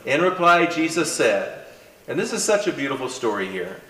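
A man teaching a lecture in conversational, animated fashion, with asides and dramatic emphasis. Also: fairly high pitch, moderate pace, echoey room, far from the mic, slight background noise, poor audio. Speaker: Bible teacher. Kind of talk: classroom lecture.

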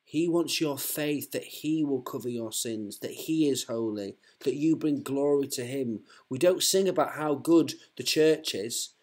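A man's voice: medium pitch, measured pace, few pauses, darkish tone. A man, preaching fervently to one listener, often repeating himself and restarting his sentences.

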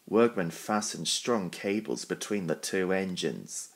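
A man narrating a children's storybook in a calm, even reading voice. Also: deep voice, unhurried, few pauses.

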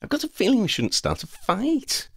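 A man voicing a calm, earnest teenage wizard boy in an audiobook, his voice lifted well above his own. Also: sits high, normal speed, vocal fry, breathy edge, no echo, clean studio sound, pitched above the performer's own voice, heavily acted.

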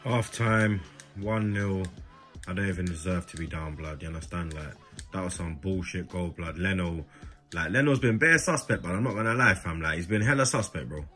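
A young man giving slangy, excitable running commentary on a football video game. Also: sits low, normal speed, faint music behind. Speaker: gaming YouTuber. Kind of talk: casual gaming commentary.

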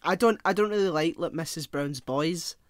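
Male podcast co-host, blunt and sweary, voice sitting a touch high. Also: normal speed, dry recording, studio quality. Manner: blunt, swears freely, trails off with restarts. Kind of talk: casual film chat.

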